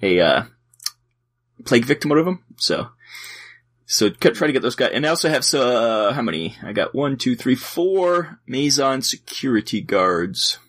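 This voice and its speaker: A man with a husky, slightly breathy voice talks through his wargame army list on a podcast. His pitch moves around a lot as he rambles, stops and restarts. The tone is loose and conversational. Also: big pitch swings, moderate pace, fairly bright tone. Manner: rambling, many fillers and restarts, laughs often. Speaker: podcast co-host. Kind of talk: casual chat about a tabletop wargame.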